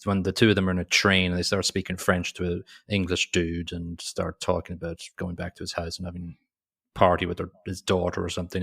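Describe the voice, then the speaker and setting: A man with a very low voice, gravelly and full of fry. He recaps a film for a podcast in a casual, sarcastic way, mocking its lines as he goes. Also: a bit bright. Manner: sarcastic, recaps scenes with mock dialogue. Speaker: podcast co-host. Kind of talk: casual movie recap chat.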